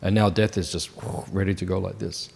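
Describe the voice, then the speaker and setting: A man's voice: low-pitched, level tone, a little fast, creaky, a little mellow, breathy edge. Man in his fifties giving a scripture class. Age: 50s. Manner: conversational, asks the audience questions. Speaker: temple class speaker. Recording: long hall reverb.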